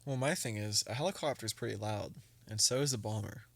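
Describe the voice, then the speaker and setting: A man's voice: fairly low pitch, a little fast, gravelly, dry recording. A young man hosting a casual podcast, joking and reading reports aloud to his friends. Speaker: podcast host.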